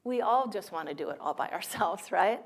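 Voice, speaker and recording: An American woman speaks to an audience about spiritual healing in a gentle, unhurried way. Her voice sits at an ordinary middle pitch. She laughs often and at times lets her voice fall to a near whisper. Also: lively intonation.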